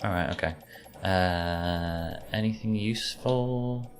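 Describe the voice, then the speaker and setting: A gaming streamer from Yorkshire, England, with a mild accent there, chats casually as he plays a video game. His voice is deep and he takes things slowly, with faint music behind him. He rambles through answers to chat and mutters to himself over the gameplay.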